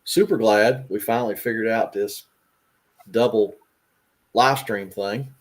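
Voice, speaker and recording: A man hosting a casual livestream chat over a call, relaxed and chatty, sharing his own repair stories. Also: fairly low pitch, measured pace. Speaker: host.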